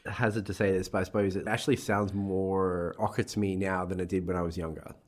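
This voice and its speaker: Australian man with an Adelaide accent, lowish voice, rambling podcast co-host. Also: flat delivery, a little fast. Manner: rambling, with restarts. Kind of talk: casual chat.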